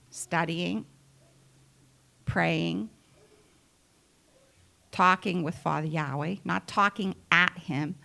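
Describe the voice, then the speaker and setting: A woman's voice: on the low side, creaky, fairly bright tone. A woman giving a sermon in an earnest, conversational way, stressing key phrases by repeating them. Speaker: preacher.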